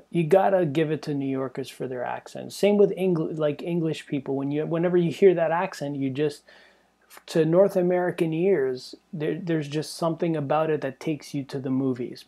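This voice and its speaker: A man's voice: a little high, moderate pace, warm tone. A man hosting a podcast, talking in a rambling, digressive way and chuckling between thoughts. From Canada. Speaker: podcast host. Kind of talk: casual podcast monologue.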